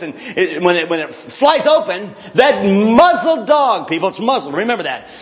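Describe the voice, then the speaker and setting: A man with a fairly high voice tells a story to a live crowd, talking right to them. His pitch swings widely as he jokes at his own expense and acts out other voices. Eager and chatty, he has the manner of a storyteller on stage. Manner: chatty and self-mocking, addresses the crowd directly, acts out voices. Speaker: speaker telling a story to an audience. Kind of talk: animated storytelling to a live audience.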